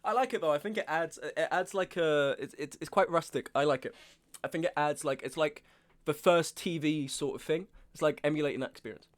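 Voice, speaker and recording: A man's voice: on the high side, a little fast. Ranting, exasperated young man streamer. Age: 20s. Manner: exasperated, ranting, swears often, repeats himself. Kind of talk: casual live-stream chat. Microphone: webcam setup at home.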